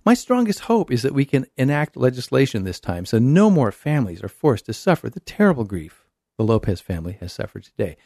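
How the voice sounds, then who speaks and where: A man's voice: mid-range voice, big pitch swings, brisk, creaky, darkish tone, no room sound, clean studio sound. Wry man reading the news. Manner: wry, reads quotes then comments sarcastically. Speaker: podcast host. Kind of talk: casual talk, reading news aloud.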